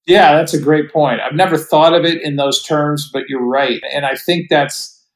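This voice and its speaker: A middle-aged man chats as a podcast guest over a remote call. He sounds reflective and unhurried, often restarting sentences as he searches for his words. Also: on the high side, steady tone, poor audio. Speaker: guest broadcaster. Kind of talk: relaxed podcast storytelling.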